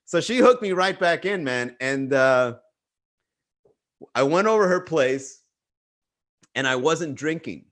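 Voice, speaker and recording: On a virtual livestream, a stand-up comedian tells rambling, profane stories, often restarting and chuckling. His voice runs on the high side and a bit bright, animated but slow, with long pauses.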